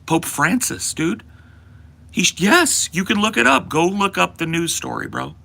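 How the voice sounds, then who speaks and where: A man's voice: high-pitched, big pitch swings, a little slow, creaky, bright, forceful tone. A man and podcast host in a profane, exaggerated comedic rant that swings into mock panic.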